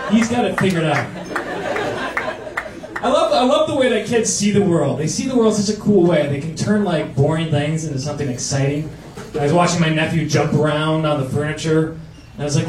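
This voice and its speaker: A man performing a stand-up comedy set on a club stage, telling stories with animated acted-out voices over audience laughter. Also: a little high, a little fast, a crowd in the background, background noise. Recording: roomy live club sound from a distance.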